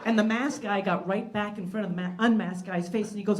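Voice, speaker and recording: A woman telling a stand-up story with wry, deadpan asides. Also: medium pitch, fairly quick, hardly any pauses, background noise. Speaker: stand-up comedian. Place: comedy stage before a live audience. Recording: live crowd laughter behind.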